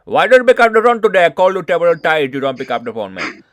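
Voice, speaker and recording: A man imitating a heavy Indian accent, playing a fast, exaggerated caller who scolds someone for not answering the phone. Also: fairly high pitch, big pitch swings, a bit bright, no echo, studio quality, pitched above the performer's own voice. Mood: scolding.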